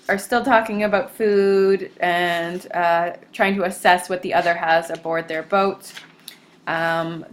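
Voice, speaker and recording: A woman giving a recorded literature lecture, explaining things step by step and pausing often on filler sounds. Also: medium pitch. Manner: hesitant, many filler sounds.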